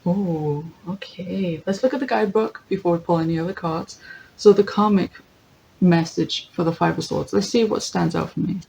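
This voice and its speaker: A tarot reader with a gravelly, creaky voice talks through a casual general reading, thinking aloud and often correcting themselves. They laugh easily and read word lists from a guidebook. A faint low rumble sits behind the voice. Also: moderate pace, darkish tone, rough recording.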